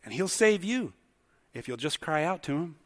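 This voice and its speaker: Speaking at a moderate pace, a pastor with a slightly high, bright voice preaches with great animation. He talks to the church hall congregation conversationally, posing many questions, and the hall's long reverb is clear.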